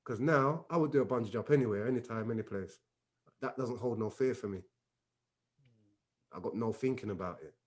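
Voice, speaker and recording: A man's voice: medium pitch, fairly quick, long pauses. A man in a casual group chat, animatedly telling a story and acting out the dialogue. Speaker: regular discussion member.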